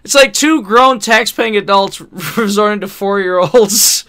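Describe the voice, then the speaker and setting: A man's voice: sits high, unhurried, bright, forceful tone. A man co-hosting a podcast, telling a rambling story in casual chat, laughing often and swearing freely. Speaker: podcast co-host.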